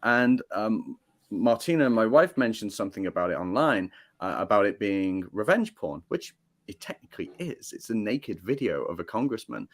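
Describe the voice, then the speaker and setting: A man's voice: lowish voice, very animated, normal speed. A man with a British accent, guest-hosting a casual political talk show and building his points through rhetorical questions. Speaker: guest host.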